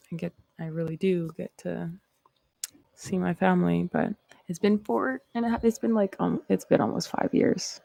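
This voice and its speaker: A woman's voice: on the low side, gravelly, a little mellow, dry recording, studio quality. A Canadian woman hosting a live stream, chatting casually with viewers in a rambling, reflective way before reading scripture aloud.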